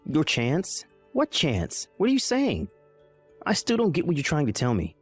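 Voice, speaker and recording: A man's voice: fairly high pitch, huge pitch swings, normal speed, slightly rough, faint music behind, full character voice. A man voicing a bewildered, pleading young husband. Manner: confused, pleading, rising alarm. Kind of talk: dramatized story narration.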